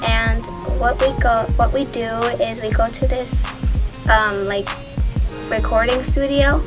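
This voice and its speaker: A woman speaker, chatty and animated, describing a media program. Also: on the high side, a little slow, loud music behind the voice, poor audio. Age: child. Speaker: student.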